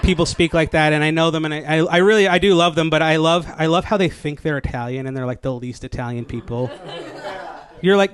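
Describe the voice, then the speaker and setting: A stand-up comedian from New Jersey, USA, performs on a comedy stage before a live audience, his fairly high, slightly bright voice moving a little fast. He rambles with plenty of likes and restarts and laughs at his own jokes, picked up by a live stage mic along with audience noise.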